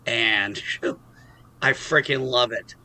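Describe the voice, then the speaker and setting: Man, casual stream host, bright tone, rambly, swears a lot. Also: mid-range voice, drawn-out words. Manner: swears freely, rambling, self-deprecating. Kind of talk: casual chat.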